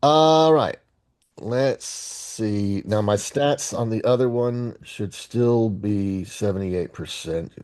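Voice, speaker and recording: A man's voice: on the low side, slow, hardly any pauses, warm tone. A man hosting his daily movie guessing game video, talking casually with rambling, profane sarcasm and stammered restarts. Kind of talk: casual solo commentary.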